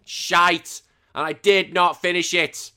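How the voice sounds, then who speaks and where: Bright-voiced, excitable man. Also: sits high, takes it slowly, smooth. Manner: rambling, excitable, swears freely. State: recovering from illness. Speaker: podcast host. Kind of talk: casual chat.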